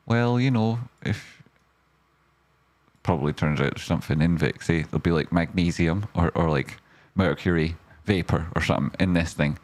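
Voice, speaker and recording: A man hosting a stock market show, giving casual chart commentary that rambles, swears freely and swings into loud rants. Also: sits low, moderate pace. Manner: talks to himself and his audience.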